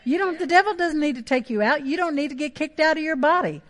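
High-voiced woman preaching. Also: quick pace, fairly bright tone. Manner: emphatic preaching with repeated phrases. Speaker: pastor. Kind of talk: sermon.

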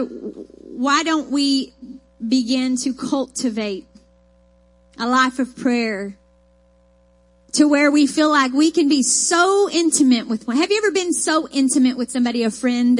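A woman's voice: high-pitched, unhurried. A woman preaching a sermon, mixing folksy personal stories with emphatic, rising declarations.

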